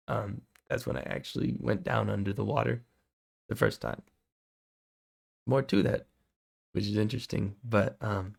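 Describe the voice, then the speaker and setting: A young man earnestly telling his personal faith testimony, excitable, his voice going hoarse. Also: fairly low pitch, normal speed, long pauses. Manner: earnest, excitable storytelling with fillers.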